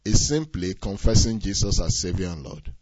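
A man preaching a sermon, swinging from quiet asides to loud, rising exhortation. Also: low voice, lively intonation, moderate pace, dry recording. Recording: dull, slightly lo-fi dry recording.

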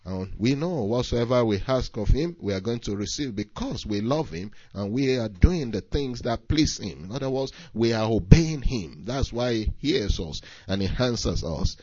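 A man's voice: mid-range voice, animated, normal speed, few pauses, dark tone, husky, no echo, dull audio. A man preaching a sermon, reading scripture and pressing his points with rising emphasis.

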